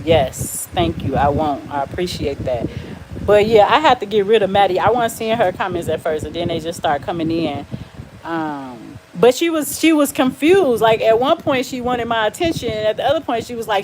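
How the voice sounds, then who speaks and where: A woman's voice: mid-range voice, animated, moderate pace, background noise. A woman chatting casually on a live stream, blunt and defiant, laughing often and answering viewers' comments. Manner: talks back to viewers and comments.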